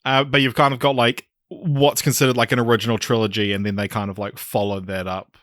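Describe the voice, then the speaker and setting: A man's voice: medium pitch, level tone, a little fast, fairly bright tone, no room sound, clean studio sound. A man co-hosting a podcast in casual chat, rambling and laughing as he goes. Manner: chatty, laughs often, rambling. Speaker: podcast co-host.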